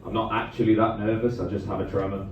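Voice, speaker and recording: A man with a lowish voice and level tone does stand-up on a comedy club stage, chatting with the live crowd between jokes through a handheld mic. His delivery is chatty crowd work with quick asides to the audience. The audio is dull, and the recording is distant, echoey and noisy.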